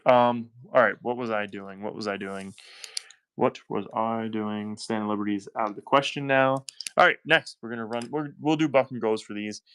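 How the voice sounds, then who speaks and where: A man's voice: medium pitch, fairly even intonation, a little fast, pushed and bright, smooth, no room sound. A man with a Southern US accent hosting a live-stream coin auction, talking in upbeat, chatty selling patter and thanking buyers by name.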